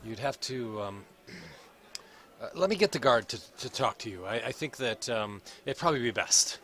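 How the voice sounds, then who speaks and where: A man narrating as game master of a tabletop game, halting with many ums and restarts. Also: medium pitch, animated, sharp tone.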